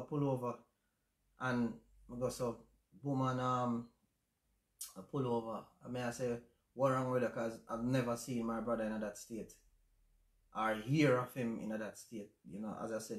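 A man with a Jamaican accent hosting a casual livestream chat, speaking in a reflective, halting way with many fillers. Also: mid-range voice, little pitch movement. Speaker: channel host. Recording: roomy echo.

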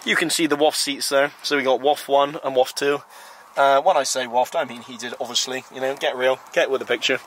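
Speaking briskly in a mid-range voice, a male car vlogger presents cars in a casual, enthusiastic walkaround next to parked cars outside. He's playful and emphatic with lively rises on praise, and street noise runs behind.

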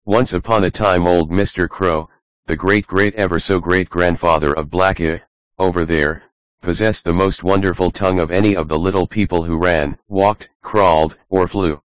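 Teasing laid-back skunk read by a man, storybook voice, deep, smooth. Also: steady tone, normal speed, no room sound, natural voice. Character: teasing, easygoing male skunk. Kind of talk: audiobook reading.

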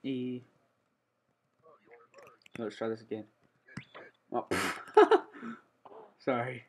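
A man's voice: mid-range voice, a little slow, a little mellow, a little hiss or hum. A young man giving casual let's-play commentary, often blurting startled "oh"s and humming while he plays. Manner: frequent startled "oh" exclamations while playing; hums "da da da" while concentrating. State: slightly out of breath. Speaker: gaming channel host.

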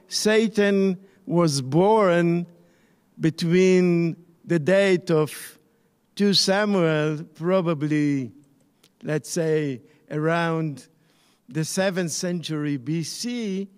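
Male scholar, high voice, slow searching delivery, long echo. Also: clean tone. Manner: slow, searching, with many pauses and restarts. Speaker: scholar lecturing on the Bible. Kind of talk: online lecture.

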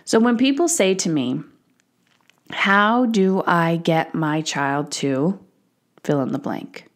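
A woman's voice: on the low side, takes it slowly. Candid woman hosting a parenting podcast. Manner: candid, swears casually, acts out quotes. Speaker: podcast host. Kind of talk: solo podcast monologue.

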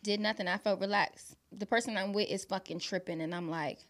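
A woman's voice: mid-range voice, fairly even intonation, a little fast. A woman guest, a musician and actress, joking and laughing in casual slangy talk. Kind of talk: casual chat.

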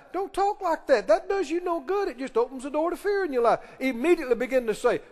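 A pastor preaching a sermon in a church, emphatic and pressing the congregation with questions and call-and-response. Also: male voice, very high-pitched, animated, fast, hardly any pauses. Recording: long reverb of a large hall.

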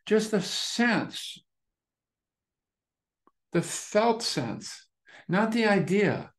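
A man's voice: high voice, very slow. Male meditation teacher, loose conversational talk, circles back on his phrases. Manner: relaxed, repetitive, searching phrasing with many restarts. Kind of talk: dharma talk.

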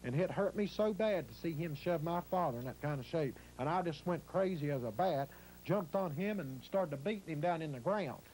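A man's voice: on the high side, expressive, a little fast, a little mellow, a little hiss or hum, low-quality recording. Appalachian man retelling a painful story. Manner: rambling, acts out what others said. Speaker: interviewee. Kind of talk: emotional first-person storytelling.

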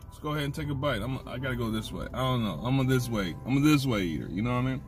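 A man's voice: mid-range voice, animated, very fast, faint music behind. A man hosting a casual food review vlog, chatty and slangy, from a parked car. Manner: slangy, laid-back, chatty. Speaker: food reviewer, channel host.

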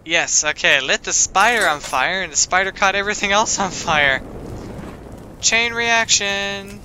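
A man playing a video game and commenting casually. He talks to the game, flipping between shouting at it and muttering to himself. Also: sits high, measured pace, slight background noise. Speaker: let's play gamer. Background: game music.

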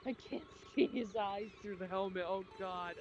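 A man's voice: high voice, moderate pace, highs cut off, noisy background. A drowsy man chatting casually while playing a game with friends, laid-back and stammering a little. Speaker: gaming friend. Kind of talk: casual chat while gaming.

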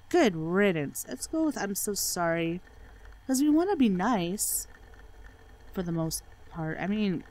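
A woman's voice: mid-range voice, rough recording. A woman doing game playthrough commentary, sarcastic and swearing freely as she reads the on-screen chat aloud. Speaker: let's play gamer.

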